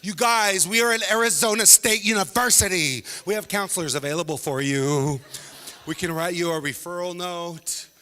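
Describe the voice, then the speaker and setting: A high-voiced man performs stand-up, his pitch leaping all over as he acts out relatives and audience members. His tone is bright and forceful, carried by a long hall reverb. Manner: animated, acts out family members in quick voices. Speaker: stand-up comedian. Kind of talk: stand-up comedy set. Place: large hall before a live audience.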